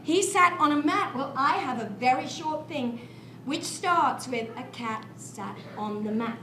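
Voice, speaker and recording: A woman's voice: high voice, a little slow, fairly bright tone, a little hiss or hum. A woman storyteller leading children in an upbeat chanting memory game. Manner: upbeat, leads group chants and clapping. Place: library room. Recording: echoey room.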